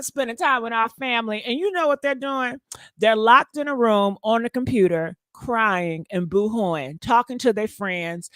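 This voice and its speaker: A woman's voice: fairly high pitch, a bit bright, no room sound, clean studio sound. A woman hosting a casual livestream, sassy and profane, talking straight to her chat and laughing often. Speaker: livestream commentary host.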